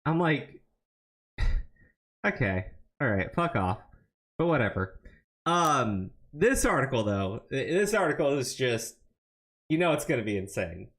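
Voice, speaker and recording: A man's voice: mid-range voice, big pitch swings, a little slow, pauses often, a bit bright. A man co-hosting a casual livestream, reading tips and an article aloud with angry, profane asides and many stammered restarts. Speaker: podcast co-host.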